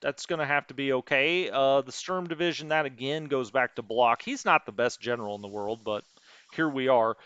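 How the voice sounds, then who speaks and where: A man's voice: medium pitch, a little fast, a bit bright, clean tone, no room sound, muffled recording. Chatty man thinking aloud over a wargame. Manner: thinks aloud, muttering over unit numbers; chatty with live chat, reads out comments. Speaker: strategy game streamer. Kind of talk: live-streamed wargame let's play.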